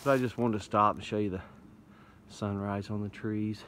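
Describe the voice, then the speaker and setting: Folksy Indiana man, low voice. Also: steady tone, moderate pace, a bit bright, a little hiss or hum, poor audio. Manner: easygoing, rambling, folksy. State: out of breath while hiking uphill. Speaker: bushcraft vlogger. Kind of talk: casual narration to camera. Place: outdoors in winter woods. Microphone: phone held in hand.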